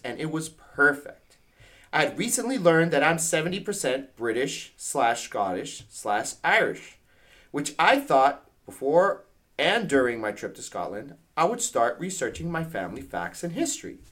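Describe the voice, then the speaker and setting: A male podcast co-host with a voice on the high side reads a review aloud during casual chat at a moderate pace. He sounds animated and keeps apologizing for how he pronounces things.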